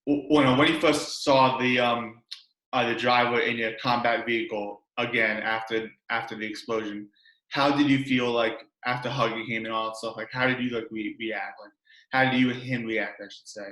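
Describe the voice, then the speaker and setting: A young man asks his questions haltingly, restarting often. His voice is bright and carries a noticeable room echo. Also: medium pitch, fairly even intonation. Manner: hesitant, many fillers and restarts. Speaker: interviewer. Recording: echoey room.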